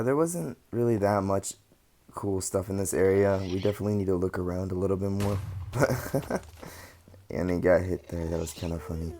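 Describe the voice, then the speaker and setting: A young man talking casually over his gameplay footage, relaxed and rambling with lots of ums. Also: sits low, a little hiss or hum. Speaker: gaming channel host.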